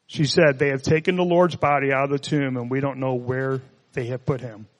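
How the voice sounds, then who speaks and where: A man's voice: medium pitch, steady tone, brisk, long reverb tail. A man preaching a sermon, reading scripture and adding conversational, joking asides. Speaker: pastor.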